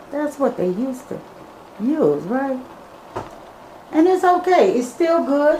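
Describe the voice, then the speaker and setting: Woman cooking host, folksy and slow-spoken, talks straight to her viewers; roomy home kitchen. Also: high-pitched, darkish tone, a little hiss or hum. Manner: chatty, addresses viewers as y'all and you guys. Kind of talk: casual cooking vlog talk.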